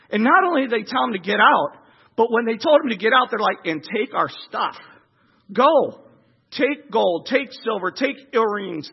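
High-pitched husky guy preaching, lively, acts out voices, kinda muffled lo-fi audio. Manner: animated, acts out crowds with shouts. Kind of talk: sermon.

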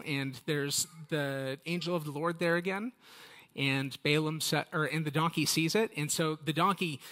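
Bright-voiced, chatty Bible teacher man. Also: on the high side. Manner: conversational, chatty, addresses listeners directly. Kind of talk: casual Bible study teaching.

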